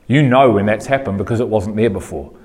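Man preaching a sermon in a reverberant hall. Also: fairly quick. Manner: animated preaching, rising in pitch when fired up; asks the audience questions, repeats phrases.

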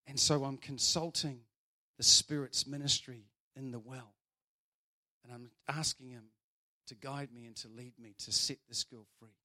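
A man over forty, preaching a sermon and telling a story with big swings between loud and soft. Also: medium pitch, fairly even intonation, unhurried.

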